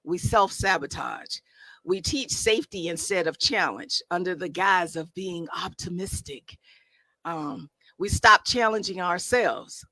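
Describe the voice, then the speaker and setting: Bright, emphatic woman life coach. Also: on the low side, unhurried, no room sound. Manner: emphatic, preacher-like delivery with rhetorical questions; colloquial, conversational phrasing. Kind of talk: motivational talk to a live audience.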